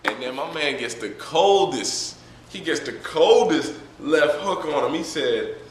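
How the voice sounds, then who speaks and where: A man's voice: fairly high pitch, expressive, unhurried, recorded from a distance, background noise. A man reviewing a manga chapter in a casual, rambling, joking way, with many fillers. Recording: echoey room, from the mic.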